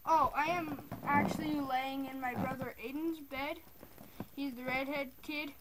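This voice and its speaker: A woman hosting a gaming video from a bed at home, rambling in casual let's play commentary and quick to get annoyed. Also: high-pitched, steady tone, very noisy.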